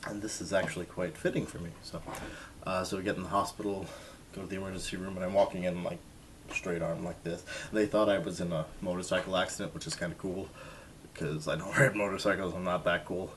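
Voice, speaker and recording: A man's voice: low-pitched, steady tone, quick pace, noisy background. A man casually telling a self-mocking story to his camera in a jokey vlog style. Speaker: vlogger.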